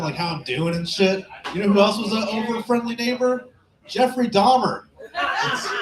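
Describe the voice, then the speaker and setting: Crude deadpan young comic, high voice. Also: male voice. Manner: deadpan, crude, asks the crowd questions. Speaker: stand-up comic. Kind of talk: stand-up comedy set. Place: small comedy club. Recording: roomy club echo.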